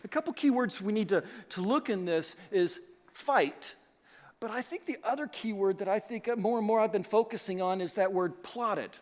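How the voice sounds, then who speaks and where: A man preaching a sermon as pastor, animated and emphatic, acting out the voices he quotes. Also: high-pitched, moderate pace. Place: church sanctuary. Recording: long hall reverb.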